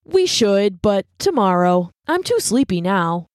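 A woman's voice: mid-range voice, sing-song, measured pace, darkish tone, no room sound. A woman putting on a curious, mischievous little boy with a raised, childlike voice. He talks in eager questions that bounce up and down, recorded close and dry.

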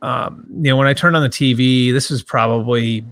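A man in his thirties, a sports journalist who grew up near Boston, answering interview questions in a halting way with many restarts and fillers. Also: medium pitch, steady tone, fairly bright tone, no echo, clean studio sound. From grew up in the Boston area.

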